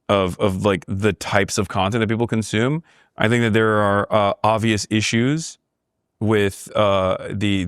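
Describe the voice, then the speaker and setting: A man who grew up in Turkey, talking as a podcast guest in a measured, thoughtful way. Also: lowish voice, clear, resonant tone, no room sound, clean studio sound. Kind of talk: casual conversation.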